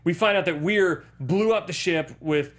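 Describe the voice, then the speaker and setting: A man in his thirties co-hosting a movie podcast, joking and animated as he talks. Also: high-pitched, normal speed. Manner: jokey, animated, slips into silly voices. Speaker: podcast co-host. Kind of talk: casual movie chat.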